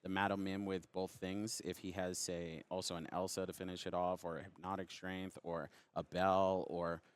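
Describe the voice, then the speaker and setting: Deep-voiced male color commentator. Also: little pitch movement, moderate pace, clean tone. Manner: conversational, analytical, speaks from own play experience. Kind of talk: card game analysis commentary.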